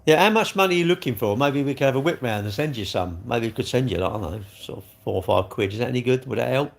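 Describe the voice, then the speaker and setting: A man's voice: mid-range voice, fast talker. Cheeky man chatting on a sofa. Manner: cheeky, jokey, rambling. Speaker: livestreamer reading chat. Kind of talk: casual chat. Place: home, on a sofa.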